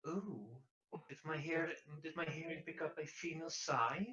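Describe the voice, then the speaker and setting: A man's voice: a little high, normal speed, pushed and bright, muffled recording. A man voicing a mysterious, flirtatious robotic voice behind a door, drawing out his words in a coaxing, teasing way.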